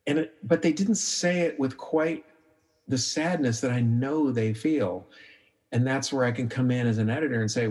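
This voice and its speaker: A man's voice: mid-range voice, moderate pace. A middle-aged man, a documentary filmmaker, talking casually in a podcast interview, telling stories and acting out his own thoughts, with many restarts. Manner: animated storyteller, acts out his own inner voice; frequent restarts and filler "like".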